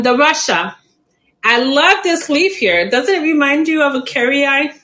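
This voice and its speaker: A woman's voice: sits high, pushed and bright, low-quality recording. A middle-aged woman hosting a live plant sale stream, chatty and laughing often.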